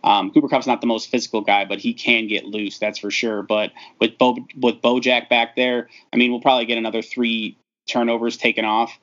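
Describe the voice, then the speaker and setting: A man's voice: medium pitch, a little fast. Man talking football, lo-fi sound. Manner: relaxed, rambling, many ums. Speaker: sports podcast co-host. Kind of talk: casual sports chat. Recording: dull lo-fi audio.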